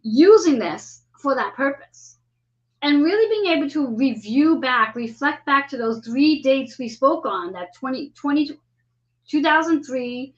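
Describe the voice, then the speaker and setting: A woman in her fifties hosts a relaxed spiritual chat about the stars, her voice sitting a little high. She talks in an animated way and slips into the voices of the people she quotes. The recording is dull and lo-fi. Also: measured pace. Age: 50s. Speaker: host. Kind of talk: casual spiritual astrology chat.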